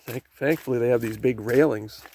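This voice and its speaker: A Canadian vlogger rambles casually to his camera while heading downhill on a rainy forest trail toward the ocean, commenting on whatever he sees. His medium-pitched voice has a darkish tone and some vocal fry. Rain and waves sit faintly in the background.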